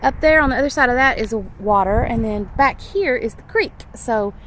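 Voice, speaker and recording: Chatty woman, high and bouncy, laughing a lot as she films a windy garden walk on a camera mic. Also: moderate pace, fairly bright tone, low-quality recording. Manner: chatty, laughs often, coos sing-song at a toddler. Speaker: parent or caregiver filming a walk. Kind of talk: handheld vlog narration. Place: outdoor garden on a windy day. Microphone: handheld camera mic. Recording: wind noise on an outdoor camera mic.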